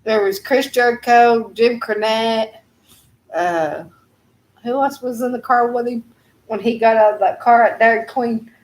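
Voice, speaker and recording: Chatty higher-voiced woman. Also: unhurried. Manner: chatty, laughs often, trails off with fillers. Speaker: live chat host. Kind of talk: casual rambling chat.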